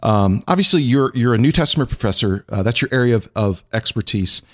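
A man's voice: mid-range voice, animated, brisk. A man who is a pastor, hosting a casual podcast conversation in a playful, bantering way with frequent restarts.

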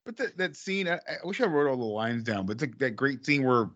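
A man's voice: mid-range voice, expressive, brisk, fairly bright tone, highs cut off. A man co-hosting a casual movie podcast, rambling and swearing with many restarts. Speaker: podcast co-host.

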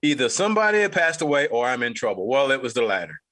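Brief: fifties male podcast host from North Carolina, bright tone, rambling anecdotal storyteller. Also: mid-range voice, big pitch swings, fast. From North Carolina, United States. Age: 50s. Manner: rambling, repetitive, chuckling anecdotal delivery. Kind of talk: casual storytelling monologue.

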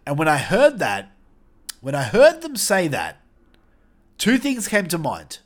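A young man hosting a casual wrestling review podcast, animated and swearing, with jokey asides. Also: on the high side, a little slow.

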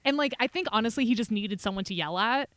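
Animated storytelling woman, dry close sound. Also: a little high, quick pace, dry recording. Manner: animated storytelling, acting out quoted callers. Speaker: podcast co-host; bartender at a brewery taproom. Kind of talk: casual chat.

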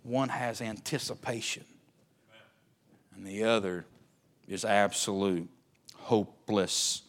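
A man preaching a sermon as pastor, swinging between loud emphatic lines and hushed ones. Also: fairly low pitch, slow pace.

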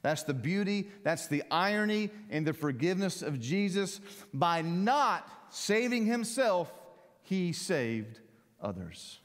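A man preaching a sermon, emphatic, climbing to loud peaks and then dropping to quiet lines. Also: sits high, very animated, slow. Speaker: pastor. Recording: long hall reverb.

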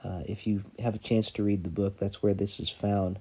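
A man hosting a podcast who introduces a book and then reads a story aloud in an unhurried, reflective way, with a husky voice. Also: lowish voice, level tone, warm tone. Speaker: podcast host.

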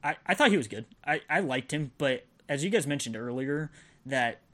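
A man's voice: medium pitch, expressive, normal speed, fairly bright tone. Easygoing young man on a podcast. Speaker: podcast co-host. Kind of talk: casual movie review chat.

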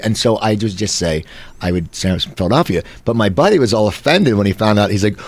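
Speaking fast in a lowish, darkish voice, this late-forties host from New Jersey tells meandering stories on a laid-back talk show, frequently starting his sentences over.

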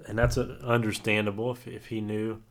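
A man's voice: on the low side, flat delivery, brisk, fairly bright tone. A man co-hosting a podcast, talking sports in a rambling, hesitant way with many fillers. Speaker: podcast co-host. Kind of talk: casual sports chat.

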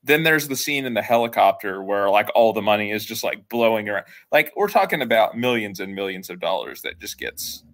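Male podcast host, lowish voice, laid-back and chatty. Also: a little fast, few pauses. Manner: relaxed, chatty, many fillers. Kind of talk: casual film discussion.

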